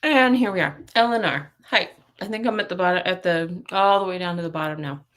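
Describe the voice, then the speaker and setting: A woman's voice: on the low side, fairly quick, a bit bright. A middle-aged woman hosting a psychic live stream, chatting casually and greeting viewers by name. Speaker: psychic livestream host.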